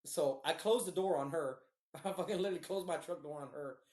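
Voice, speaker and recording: A somewhat high-pitched man rambles through a story on a podcast, swearing freely and animated as he goes. The sound carries a roomy echo. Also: brisk. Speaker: podcast host. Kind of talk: casual storytelling.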